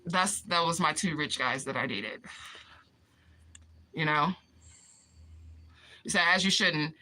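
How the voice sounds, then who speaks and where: A woman live-streaming her personal stories with a very bright, forward voice. She talks casually and profanely, answers her viewers and gets animated as she tells the stories. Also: low-pitched, slow, slight background noise. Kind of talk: casual storytelling vlog.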